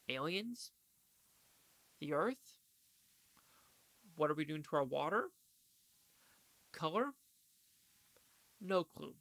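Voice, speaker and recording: A man's voice: medium pitch, vocal fry, sharp tone, no room sound. A man giving a casual, rambling movie review, slangy and swearing freely.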